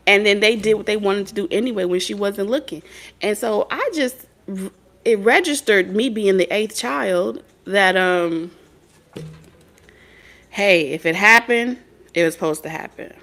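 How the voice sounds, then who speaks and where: In a gravelly voice full of vocal fry, a woman who works as a spirit medium and tarot reader hands out spiritual advice in a rambling, preachy way. Her pitch is medium, her pace moderate and her tone a bit bright. A mother of several children, she swears freely, speaks bluntly and slides into streetwise anecdotes.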